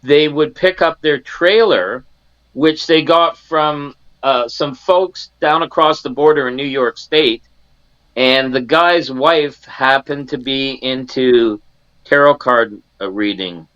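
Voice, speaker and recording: A man's voice: mid-range voice, takes it slowly, a bit bright, no room sound, muffled recording. A man in his sixties from Canada, a guest in an interview, telling a personal story and acting out the family members he quotes, with many restarts. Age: 60s.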